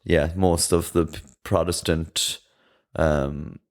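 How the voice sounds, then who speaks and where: A man's voice: low-pitched, fairly even intonation, slow. A young man co-hosting a podcast, chatting casually in a laid-back way and swearing freely. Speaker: podcast co-host. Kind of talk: casual chat.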